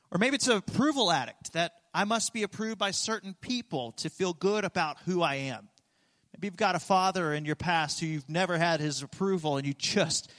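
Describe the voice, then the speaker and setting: Male pastor, higher-pitched voice, earnest, repeats key phrases; preaching in a church with a long hall echo. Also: a bit bright. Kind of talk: sermon. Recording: long reverb of a large hall.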